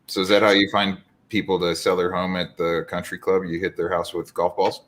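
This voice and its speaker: A man's voice: sits low, flat delivery, a little fast, a bit bright. A man co-hosting a casual chat, teasing and setting up jokes with dry humor. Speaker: co-host.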